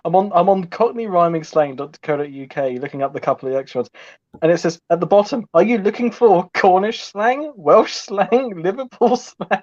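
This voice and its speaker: A man who giggles often as he chats with friends over a call. His pitch swings widely, and the sound is dull and lo-fi. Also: animated, moderate pace, a little mellow. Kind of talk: casual chat on a call. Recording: lo-fi call audio.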